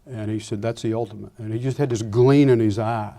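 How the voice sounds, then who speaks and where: An older man, a retired Air Force pilot, giving a lecture full of anecdotes and acting out the dialogue with lively restarts. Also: on the low side, fairly quick. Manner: animated storyteller acting out dialogue, frequent restarts.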